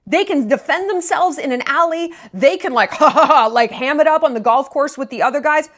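A woman's voice: sits high, expressive, a little fast. A woman in her late thirties giving a blunt, profane, sarcastic movie review rant on her vlog, mocking other people's voices. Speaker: vlogger.

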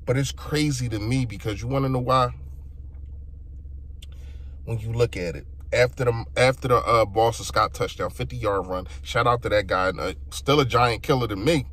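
A man's voice: mid-range voice, moderate pace, a bit bright. A young man delivers a frustrated sports opinion rant and talks straight to his listeners. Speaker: sports fan vlogger.

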